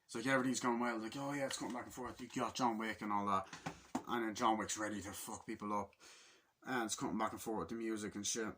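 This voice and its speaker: A man giving a casual, rambling film recap, swearing a lot and acting out scenes with quick voices and sound effects. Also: fairly low pitch, slight background noise. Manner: profane, excitable, acts out scenes with sound effects. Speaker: movie reviewer.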